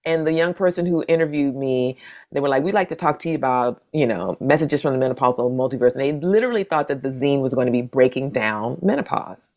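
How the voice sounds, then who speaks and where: This is a woman in her forties with a strikingly deep voice and a gravelly texture. She talks in a relaxed, conversational way as a guest. Whenever she quotes someone, she acts the words out with big leaps in pitch. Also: fast talker. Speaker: interview guest, zine maker. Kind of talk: casual storytelling conversation.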